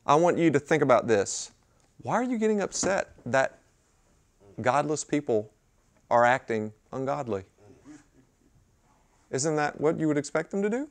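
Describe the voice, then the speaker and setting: A man preaching a sermon at a mission chapel, talking in a conversational way with sudden loud bursts and hushed asides. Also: medium pitch, clear, resonant tone. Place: mission chapel with a live audience.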